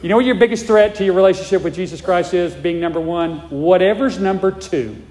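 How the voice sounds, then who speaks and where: In a large hall full of long reverb, a male pastor preaches fairly quickly in a high, slightly mellow voice. His sermon is emphatic and repetitive, and he often asks the congregation "all right?"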